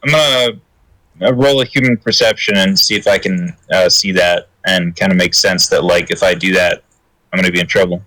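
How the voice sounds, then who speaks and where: A man's voice: sits low, steady tone, brisk, sharp tone, no room sound, low-quality recording. A man playing in a tabletop game, cocky and hamming up his taunts. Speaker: player. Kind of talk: casual tabletop play.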